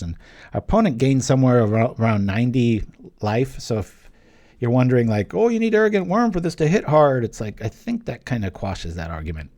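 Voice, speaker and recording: A young man commentates casually while he plays, thinking aloud and cracking small jokes as he goes. His voice sits on the lower side and has a mellow, warm tone. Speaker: channel host playing an online card game. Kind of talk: live gameplay commentary.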